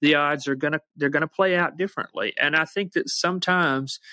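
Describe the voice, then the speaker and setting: A man's voice: fairly high pitch, a little fast, sharp tone, no echo. A man musician as a podcast guest, talking in a wry, reflective, joking way. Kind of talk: casual podcast conversation.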